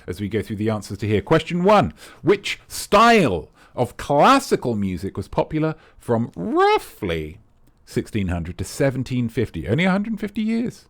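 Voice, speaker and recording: A man's voice: medium pitch, wildly swooping pitch, moderate pace, dry recording. A man hosting a trivia quiz, reading out questions and answers in a casual, playful way with jokey, rambling asides. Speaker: quiz host.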